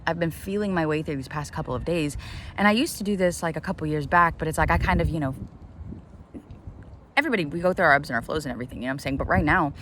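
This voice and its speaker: A woman with a slightly low voice rambles excitedly in a casual vlog, dropping "like" into nearly every sentence and swearing freely. She is recorded outdoors in the sun, with faint traffic noise behind her. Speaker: vlogger. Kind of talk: casual self-talk vlog.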